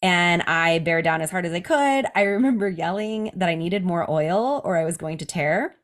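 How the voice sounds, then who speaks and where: A woman's voice: on the low side, moderate pace. A woman in her thirties, a podcast host, candidly telling a personal story in casual chat, laughing often. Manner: candid, laughs often, quotes others in livelier voices.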